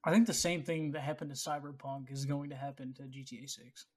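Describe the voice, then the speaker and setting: A man's voice: medium pitch, fairly even intonation, fast talker, breathy edge. A young man appearing as a guest on a casual gaming podcast, chatting playfully.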